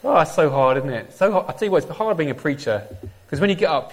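A man's voice: fairly high pitch, fast. A man preaching a sermon, often asking the congregation direct questions. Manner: lively, asks the congregation questions.

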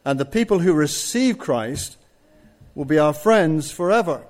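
A man's voice: fairly high pitch, expressive, a little slow, darkish tone. A man preaching a sermon, stressing his points and putting rhetorical questions to the congregation.

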